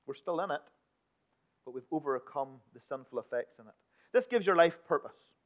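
Man preaching, swinging loud to hushed. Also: fairly high pitch, animated, moderate pace. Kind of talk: sermon. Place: church building. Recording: dull lo-fi recording.

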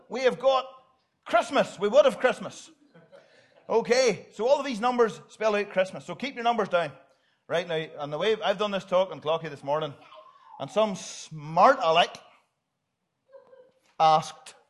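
A middle-aged man, giving a jokey, upbeat children's talk in church and directing volunteers. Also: high voice. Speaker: pastor.

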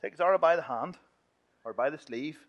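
At church, a chatty man with a voice fairly high for a man leads a children's talk, joking with the kids and slipping into whiny kid voices. He keeps things playful and lively at a normal speed, though the recording is muffled.

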